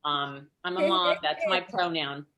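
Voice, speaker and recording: Bright-voiced older woman telling comic stories. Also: sits low, measured pace. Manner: animated storyteller, acts out voices, laughs often. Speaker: stand-up comedian. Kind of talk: stand-up comedy storytelling. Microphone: video call.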